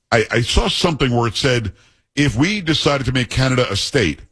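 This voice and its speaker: Middle-aged male talk host, husky, casual banter with a teasing streak, dry close studio sound. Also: mid-range voice, a bit bright, no echo. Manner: chatty, joking, teasing asides.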